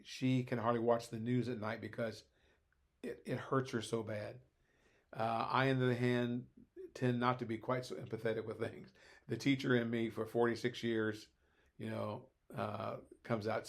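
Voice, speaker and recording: Older man, thoughtful and rambling. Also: mid-range voice. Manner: thoughtful, rambling, frequent hesitations. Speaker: guest, former teacher. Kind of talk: conversational podcast discussion.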